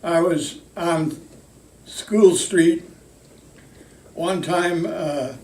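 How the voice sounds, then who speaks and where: An older man, a retired lineman, telling work stories in a halting way with many pauses and fillers. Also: fairly high pitch, darkish tone. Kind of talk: casual storytelling. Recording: roomy sound from a distant mic.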